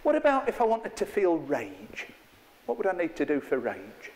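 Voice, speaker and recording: A man's voice: on the high side, huge pitch swings, moderate pace, a little mellow, big-room sound. A middle-aged man, leading an interactive workshop with a live group in a chatty, playful, self-mocking way. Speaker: workshop trainer. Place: training room with a live group.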